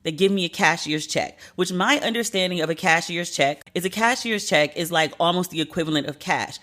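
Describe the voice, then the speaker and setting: Bright-voiced woman podcast host venting. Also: on the low side, brisk. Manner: animated, profane venting. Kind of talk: solo podcast monologue.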